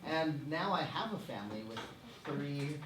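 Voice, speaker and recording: A young man giving a relaxed parish talk, full of humorous family anecdotes and frequent laughter. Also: a little high, a little slow. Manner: chatty, self-deprecating, laughing often. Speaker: guest speaker at a parish event. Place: church hall. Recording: echoey room, distant mic, background noise.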